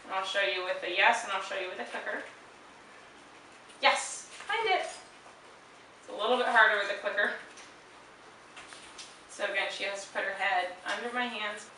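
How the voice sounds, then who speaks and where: Bright-voiced woman dog trainer, echoey room. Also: quick pace, pauses often. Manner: calm explaining, with brief high-pitched praise to the dog. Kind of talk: instructional demonstration. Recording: very echoey room, mic far off, faint hiss.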